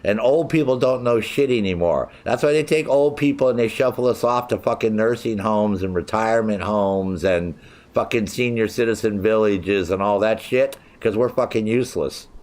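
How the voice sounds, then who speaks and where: Here's a profane live-stream rant from a man in his sixties, furious at rivals who removed him from their chat. He swears at every turn and mimics them mockingly, his slightly mellow, lowish voice moving at a moderate pace.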